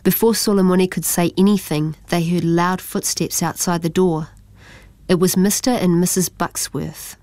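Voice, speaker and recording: A woman, reading a children's story aloud in a plain, steady way. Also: on the low side, normal speed, dry recording. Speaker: narrator.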